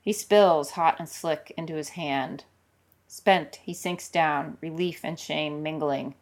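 A woman with a low voice reads an audio story aloud. Her delivery is calm, steady and intimate, a measured scripted narration. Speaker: audiobook reader of fan fiction.

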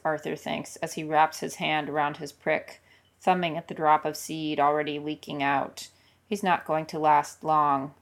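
Low-voiced woman reading a story. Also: little pitch movement, unhurried. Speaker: audiobook reader of fan fiction. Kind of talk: scripted narration.

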